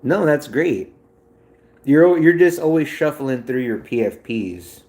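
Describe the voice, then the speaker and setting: A man's voice: fairly high pitch, expressive, measured pace, darkish tone, reverberant. A man livestreaming, chatting loosely with viewers in a rambling, swearing way. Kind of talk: casual chat with viewers.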